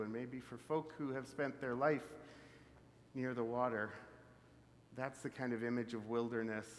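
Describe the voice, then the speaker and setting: A man's voice: medium pitch, a little hiss or hum. A man from the prairies preaching a sermon in an easy, reflective, conversational way with many fillers. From Canadian prairies. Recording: reverberant hall.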